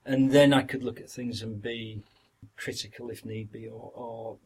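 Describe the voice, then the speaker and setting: A man's voice: mid-range voice, steady tone, normal speed, a little hiss or hum, poor audio. An older man with a Yorkshire accent, an actor telling stories in an interview, rambling and repeating words, sometimes acting out what others said. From Yorkshire, northern England. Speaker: actor, podcast guest. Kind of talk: anecdotal interview reminiscence.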